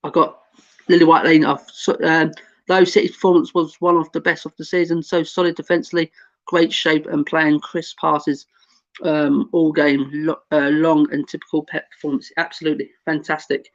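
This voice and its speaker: A man hosting a casual football chat show, easygoing and quick to laugh, reading out comments from viewers. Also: fairly high pitch, level tone, highs cut off. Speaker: show host.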